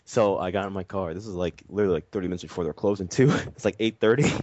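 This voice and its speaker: A man telling a long story in casual chat, animated and full of swearing. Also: low voice, rapid-fire, dry recording. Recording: dry, dull lo-fi audio.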